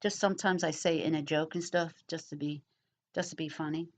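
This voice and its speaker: A middle-aged woman chatting casually as she answers comments, talking slowly and rambling with pauses and fillers. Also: low voice, steady tone. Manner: slow, rambling, pausing, with many fillers. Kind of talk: casual chat.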